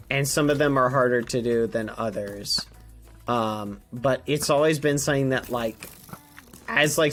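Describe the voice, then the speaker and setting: A man's voice: medium pitch, a bit bright. A young American man chatting casually on a livestream, meandering with lots of fillers. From United States. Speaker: streamer.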